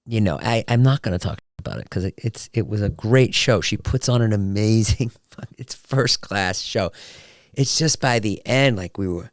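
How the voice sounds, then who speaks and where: Guy hosting a solo podcast, lowish voice, jumps way up high when he gets excited, dry room. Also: no room sound. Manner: animated, jokey, swings into high excited pitch. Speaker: podcast host. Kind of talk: casual solo podcast monologue.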